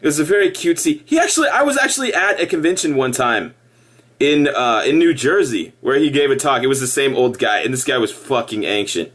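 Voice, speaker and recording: Animated middle-aged man ranting. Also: medium pitch, a little fast. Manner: animated, laughing asides, mock-cheerful impressions. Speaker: ex-member giving opinions. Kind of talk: casual rant to camera.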